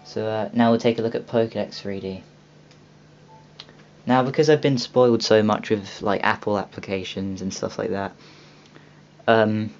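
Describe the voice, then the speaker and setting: A young man hosting a casual video walkthrough of a game store, rambling with many ums and restarts. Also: lowish voice. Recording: dull lo-fi home recording with faint hiss.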